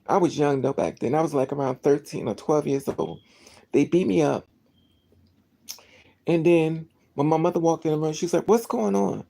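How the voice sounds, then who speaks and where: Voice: mid-range voice, moderate pace, gravelly, pauses often. A vlogger telling a personal story in a casual, rambling monologue, acting out the dialogue and often restarting sentences. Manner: rambling, animated, acts out dialogue, many restarts.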